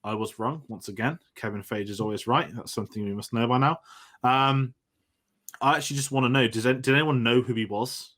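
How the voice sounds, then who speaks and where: A man's voice: medium pitch, brisk, fairly bright tone. A man hosting a casual film discussion podcast, rambling and correcting himself as he goes. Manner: rambling, self-correcting, enthusiastic. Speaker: podcast host.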